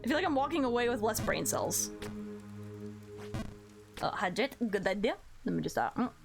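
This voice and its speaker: A woman live-streaming a game, counting her jumps out loud, yelping when she falls and joking with her chat. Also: on the high side, sing-song, moderate pace, gravelly. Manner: counts aloud while playing, yelps at failures; self-mocking, playful chatter with chat. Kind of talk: live gameplay commentary. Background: background music.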